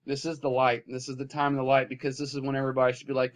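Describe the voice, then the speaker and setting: A man recording an impassioned vlog rant, swinging between loud, heated outbursts and low, weary muttering. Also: monotone, very fast, hardly any pauses, highs cut off. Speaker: vlogger.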